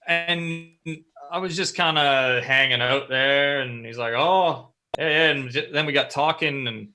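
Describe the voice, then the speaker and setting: Wry Canadian man, bright sharp voice. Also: mid-range voice, steady tone, a little slow. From Nova Scotia, Canada. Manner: wry, joking storyteller. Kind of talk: casual chat.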